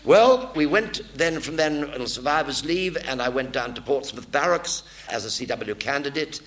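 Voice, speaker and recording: An older man giving a lively storytelling talk to an audience in a theatre. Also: fairly high pitch, normal speed. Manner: animated anecdotal delivery, voice swings from hushed to loud. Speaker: war veteran speaker. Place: theatre stage.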